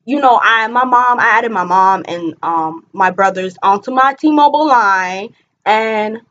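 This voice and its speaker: A young woman talking casually to the camera, telling a story in a lively way, full of fillers like "like" and "you know," and acting out what others said. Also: medium pitch, a little slow, dull audio. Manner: animated, frequent fillers, voices others in quotes. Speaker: vlogger.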